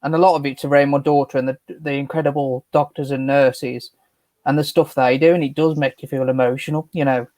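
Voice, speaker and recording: A man's voice: medium pitch, little pitch movement, fairly quick, a little mellow, no echo. A man co-hosting a podcast, talking earnestly in casual chat and restarting his sentences often. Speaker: podcast co-host.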